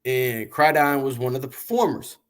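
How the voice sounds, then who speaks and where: A man being interviewed, telling long, animated, profane stories about the music business in a casual way. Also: medium pitch, normal speed. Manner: animated, profane, rambling storyteller. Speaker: interview guest, music industry figure.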